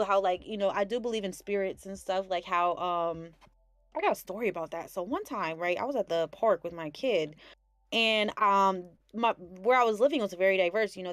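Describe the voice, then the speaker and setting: A woman's voice: medium pitch, a little fast, no room sound. Rambling young woman hosting a spiritual chat. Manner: rambling, many fillers, animated storytelling. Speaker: host.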